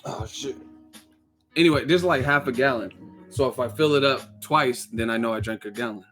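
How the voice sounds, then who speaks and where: A man hosting a boxing live stream, hyped and slangy, rattling off quick shout-outs in casual chat. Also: medium pitch, faint music behind. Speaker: boxing channel host.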